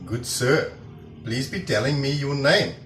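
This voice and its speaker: A man puts on an eager, overly courteous passenger who stretches out his words and trips over syllables. The voice sits at a middle pitch and echoes around a kitchen. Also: lively intonation, fairly bright tone, a little hiss or hum. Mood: eager polite. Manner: overly polite, drawn-out, stumbling over syllables. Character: eager formal man on a train, proud of his long name.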